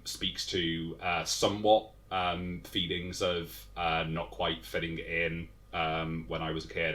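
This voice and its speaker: Man, young adult, very low pitch, bright forward tone, hesitant, thoughtful, lots of ums. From England. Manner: hesitant, thoughtful, many fillers and restarts. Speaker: game designer guest. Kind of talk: casual interview chat.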